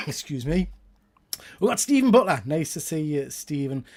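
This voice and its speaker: A man's voice: a little high, sing-song, measured pace. Chatty Geordie man hosting a live show. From Northeast England. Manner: chatty, greets viewers by name, laughs often. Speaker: host. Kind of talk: casual live-stream chat.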